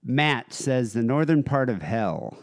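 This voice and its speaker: A man's voice: medium pitch, sing-song, takes it slowly. An American man co-hosting a podcast, chatting casually and swearing freely in a joking, laid-back way. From United States. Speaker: podcast co-host. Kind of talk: casual profane podcast chat.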